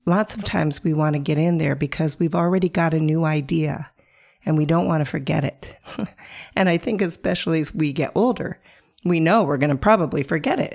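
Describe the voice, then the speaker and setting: A woman hosting a reflective solo podcast, calm and coaching, sounding hoarse from a chest virus. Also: low voice. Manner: calm, coaching, asks the listener questions. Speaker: podcast host.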